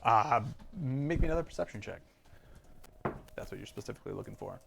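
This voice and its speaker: A man running a tabletop game as game master, narrating casually and often pausing on ums. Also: mid-range voice, expressive, vocal fry, a bit bright.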